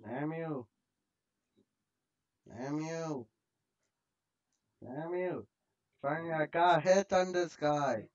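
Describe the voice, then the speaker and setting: A man's voice: a little high, takes it slowly, long pauses, dull audio. A man playing a game and commenting on it, frustrated and swearing at enemies, recorded on a laptop mic. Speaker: gamer. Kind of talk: gameplay commentary.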